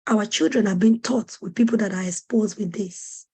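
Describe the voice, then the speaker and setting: A woman's voice: mid-range voice, moderate pace, dark tone, husky. A woman presenting a parenting webinar, speaking with urgent, preacherly emphasis and repeating questions to press her point. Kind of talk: earnest teaching talk to parents.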